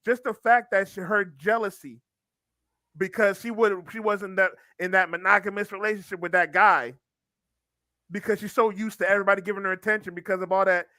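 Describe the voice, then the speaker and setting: High-voiced man, bright tone, lecturing co-host. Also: fairly even intonation, a little fast, no room sound. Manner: lecturing, stammering restarts. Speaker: podcast co-host. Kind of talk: casual commentary chat.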